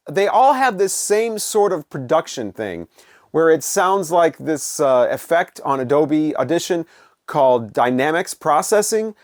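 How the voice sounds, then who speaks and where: A man's voice: on the high side, no room sound, studio quality. A middle-aged man giving a casual, blunt, opinionated music review, with frequent fillers and restarts. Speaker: vinyl collector vlogger.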